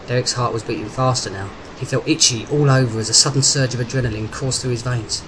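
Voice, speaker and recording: A man's voice: mid-range voice, quick pace, hardly any pauses, a bit bright. Man reading a story over hiss. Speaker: narrator. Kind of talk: audiobook narration. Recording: noisy background hiss.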